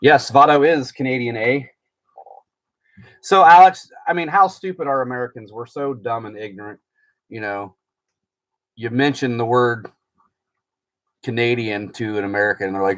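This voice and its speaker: A man of ordinary pitch talks loosely and chattily on a home live stream. He rambles from card to card and reads viewers' comments aloud as they come in. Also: moderate pace, long pauses. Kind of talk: casual live-stream chat.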